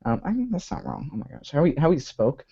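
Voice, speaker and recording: A young man hosts a live web show, talking fast in a fairly high, gravelly voice that's warm, breathy and swoops wildly in pitch. His casual chat rambles, full of restarts, "like" fillers and frequent self-corrections. The sound is dull, lo-fi home stream audio.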